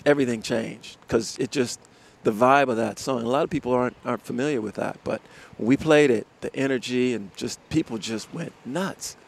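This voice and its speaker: A gravelly-voiced man tells animated stories in a casual radio interview and laughs often. He sits at a live broadcast mic out of doors. His pitch sits mid-range. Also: brisk, hardly any pauses. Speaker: musician guest. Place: outdoors in front of a music studio complex.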